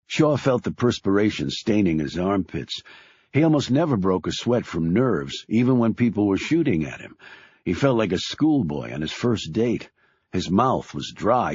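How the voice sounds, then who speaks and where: Guy reading an audiobook, kinda raspy, steady measured pace, dry muffled audio. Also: lowish voice, no echo. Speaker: audiobook narrator. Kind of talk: scripted narration. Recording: dull lo-fi recording.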